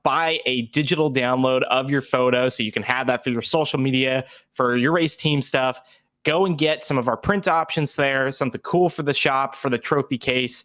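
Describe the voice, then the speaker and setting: A man co-hosting a podcast, giving an easygoing plug for photo downloads. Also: fairly bright tone. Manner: laughing, easygoing promo pitch. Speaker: podcast co-host. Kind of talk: casual chat and plug.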